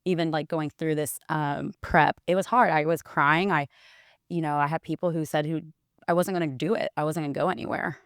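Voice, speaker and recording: Young woman, low voice, chatty interview guest, dry close sound. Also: fairly even intonation, fairly quick, no room sound. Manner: chatty storytelling, quoting others. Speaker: interview guest, wellness bodybuilder. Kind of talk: casual interview chat.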